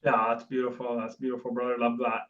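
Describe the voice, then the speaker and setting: A man's voice: medium pitch, monotone, fast. Affirming man on a distant, dull mic. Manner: affirming, reflective, long winding questions. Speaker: podcast host. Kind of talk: interview questions.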